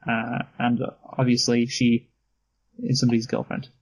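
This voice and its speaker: A man's voice: medium pitch, completely flat delivery, normal speed, darkish tone, breathy edge, poor audio. A man co-hosting a casual film review chat, dry and sweary, laughing easily. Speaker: podcast co-host.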